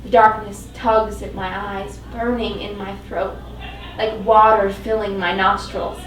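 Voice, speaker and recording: A woman's voice: medium pitch, level tone, a little slow, background noise. A woman giving a dramatic, emotionally intense live reading of first-person fiction at a live event. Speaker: fiction reader. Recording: echoey live venue, mic at a distance.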